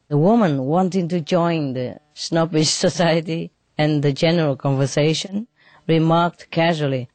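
A woman's voice: deep voice, a little slow, a little mellow, no echo. Lady telling a funny story, laughs a lot, plays the voices, dry close sound. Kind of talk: telling a joke with acted voices.

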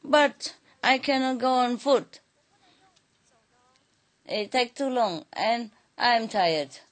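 A woman's voice: fairly high pitch, animated, voice pushed up. A woman voicing a sly, mock-innocent trickster mullah who teases and scoffs in a told folk tale. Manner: teasing, mock-innocent, drawn-out.

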